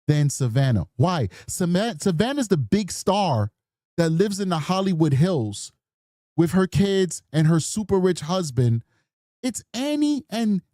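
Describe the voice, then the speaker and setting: A man's voice: high voice, dry recording, studio quality. A man in his forties giving rambling, slangy reaction commentary on a true crime case. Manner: rambling, slangy, animated storytelling.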